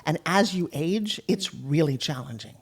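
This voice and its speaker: A woman's voice: low voice, animated, breathy edge. An older woman speaking as a podcast guest in a heartfelt, emotional conversation, at times close to tears. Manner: fast, heartfelt, tearful at times. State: tearful.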